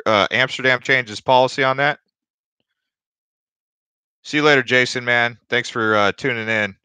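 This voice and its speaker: A man's voice: mid-range voice, pushed and bright, clear, resonant tone, dry recording. A young man hosting a casual livestream, rambling through stories and viewer comments with lots of restarts. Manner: rambling, chatty, with many restarts and fillers. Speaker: crypto livestream host.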